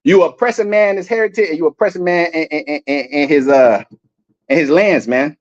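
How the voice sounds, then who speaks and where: A man's voice: fairly high pitch, a little fast, dull audio. A man preaching fiercely over video clips, swearing freely and often stumbling over repeated words. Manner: heated, profane, repeats and restarts words. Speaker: street preacher.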